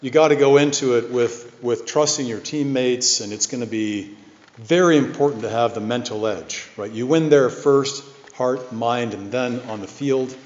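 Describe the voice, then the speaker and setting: A man preaching a sermon, telling a story in an earnest, measured way. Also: mid-range voice. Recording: echoey hall, dull lo-fi sound.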